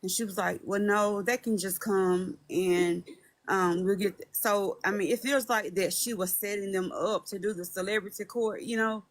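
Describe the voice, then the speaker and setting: A woman's voice: medium pitch, fairly even intonation, moderate pace, no room sound. Woman asking the group stuff, lots of ums, dry sound. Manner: hesitant, questioning, filler-heavy. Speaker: live chat guest. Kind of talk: casual chat.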